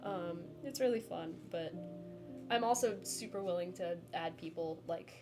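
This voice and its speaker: A woman streamer telling a story to her chat in a chatty, animated way, laughing often and filling with "like". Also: lowish voice, unhurried, music in the background. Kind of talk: casual storytelling to a live chat.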